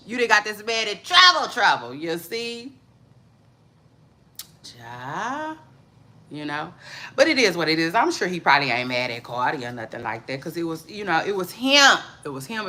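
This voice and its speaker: A woman's voice: low voice, bright, forceful tone. A woman hosting a casual celebrity gossip livestream, drawling and loose, calling viewers "child" and repeating her catchphrases.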